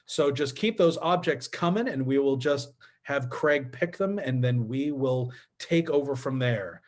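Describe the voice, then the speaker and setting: A man's voice: mid-range voice, lively intonation, a little slow. A man hosting a live online improv show from a video call, upbeat and chatty with frequent fillers.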